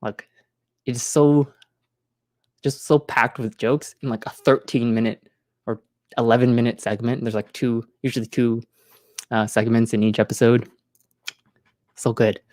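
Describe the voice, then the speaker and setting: A man's voice: medium pitch, level tone, unhurried, pauses often, darkish tone, no room sound. A man streaming from home, chatting casually into a close mic, rambling with many fillers and restarts. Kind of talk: casual live-stream chat.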